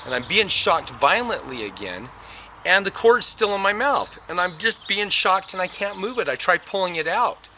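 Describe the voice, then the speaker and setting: A man recounts his near-death experience as a personal testimony, acting out each moment as it comes. His voice is very bright and forceful, sitting a little high for a man. Faint noise lingers behind him. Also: normal speed. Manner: animated, acts out the moments.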